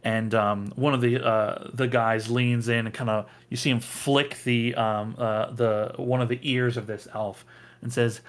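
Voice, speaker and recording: A man narrating a tabletop game as game master, halting, with many filler sounds. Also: mid-range voice, little pitch movement.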